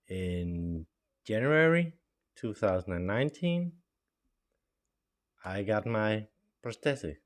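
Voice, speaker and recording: A middle-aged man whose first language is Norwegian, telling his own life story in a chatty way, full of fillers and small laughs. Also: low voice. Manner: chatty, with frequent fillers and laughs, acts out quoted dialogue. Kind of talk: casual storytelling.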